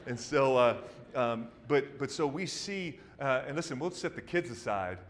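Animated pastor preaching a sermon. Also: male voice, mid-range voice, normal speed, long reverb tail, slight background noise. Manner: animated storytelling, swings between loud excitement and hushed intensity.

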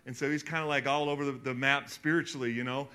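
A man preaching a sermon to his congregation, telling stories animatedly, with sudden jumps in loudness. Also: mid-range voice, fast, clean tone. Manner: animated storytelling, emphatic swings in loudness. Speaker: pastor. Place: church hall in front of a congregation.

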